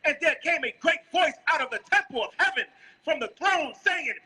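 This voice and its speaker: Very high, bright man reading scripture. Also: lively intonation, fairly quick. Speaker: scripture reader for a preacher.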